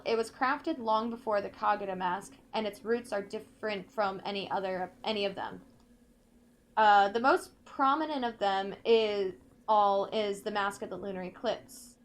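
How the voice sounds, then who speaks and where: In this clip a woman plays a video game and carefully reads its notes out loud at a slow pace. Her voice is mid-range, and she stops at times to comment, as let's play gamers do.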